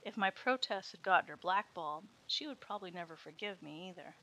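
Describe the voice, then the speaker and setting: A woman reading a first-person story aloud as its narrator, in a steady storytelling manner. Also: lowish voice, a little fast. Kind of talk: scripted erotic story narration.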